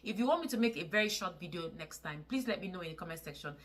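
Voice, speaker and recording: A woman's voice: lowish voice, expressive, very fast. A woman from Nigeria with a Nigerian English accent, talking to camera in a casual vlog, earnest and pleading, repeating words for emphasis. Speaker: vlogger.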